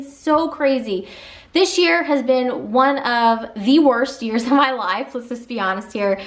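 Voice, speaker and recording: A woman in her thirties talking to camera with a Southern Illinois twang that leans toward Kentucky. Her voice sits a bit high, and she rambles chattily through a casual Q&A with plenty of "um" and "like". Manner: chatty, many fillers and asides. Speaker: vlogger.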